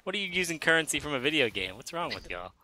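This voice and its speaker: A laughing, jokey man in a loose comedy chat, his slightly high voice very sharp and bright. His pitch jumps around eagerly as he chimes in. A faint hiss runs underneath. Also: sing-song. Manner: laughing, joking, quick to chime in. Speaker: podcast co-host.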